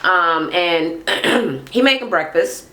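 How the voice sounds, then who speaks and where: A woman's voice: fairly low pitch, slow pace. Sassy, foul-mouthed woman ranting. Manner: profanity-heavy, blunt and sassy; animated storyteller acting out quotes. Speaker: reality TV recap vlogger. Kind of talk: casual recap rant.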